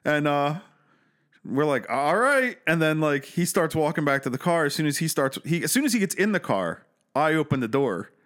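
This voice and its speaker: A man's voice: on the high side, fairly quick. A man co-hosting a podcast, telling a story in casual chat, indignant and profane. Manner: lively, indignant storytelling full of swearing. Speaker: podcast co-host.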